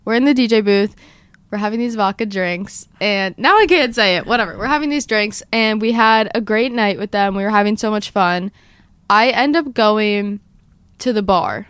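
A young woman hosts a casual podcast, rushing through a story and acting out every quote. Her voice is smooth and resonant. It is recorded close and dry, with no room sound. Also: medium pitch, no room sound. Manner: fast, animated storyteller who acts out quotes. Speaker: podcast host.

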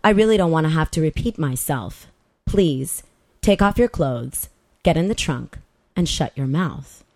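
Play it as a whispered role-play, a woman putting on a firm butch lover. Drop your pitch well below your own voice and keep every word slow, quiet and steady, giving orders that leave no room for argument, close and dry on the mic. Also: no echo, heavily acted. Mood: commanding. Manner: slow, hushed, dominant.

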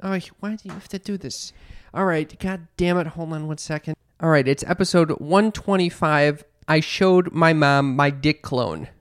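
A man co-hosting a podcast, chatting casually and wryly, sometimes slipping into a slow, low, relaxed voice. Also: clear, resonant tone, no echo. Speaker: podcast co-host. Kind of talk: casual chat.

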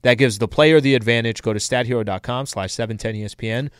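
A man's voice: medium pitch, fast talker, smooth, dry recording. A man co-hosting a casual sports talk radio show, easygoing with frequent fillers, at a studio microphone.

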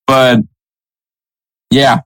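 A man's voice: mid-range voice, little pitch movement, drawn-out words, fairly bright tone, clear, resonant tone, no room sound, low-quality recording. A man co-hosting a casual soccer podcast, chatting with frequent laughs and reading sponsor spots. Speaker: podcast co-host.

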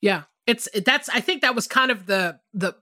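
A woman co-hosting a podcast in casual, animated chat, swearing freely and often restarting her sentences. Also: a little high, normal speed, dry recording. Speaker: podcast co-host.

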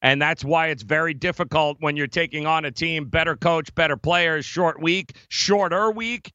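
A man's voice: on the high side, moderate pace, bright, forceful tone, smooth, no room sound, lo-fi sound. A man co-hosting a sports betting show, talking emphatically in casual chat and often laughing. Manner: emphatic, laughs often, addresses co-host by name.

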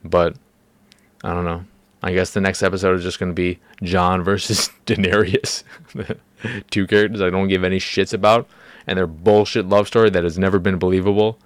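A man hosting his own podcast, venting in a heated, profane rant. His voice sits a little low and is recorded dry and close in a small room. He breaks into mocking, high put-on quotes now and then. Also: flat delivery, moderate pace, no echo. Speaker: podcast host.

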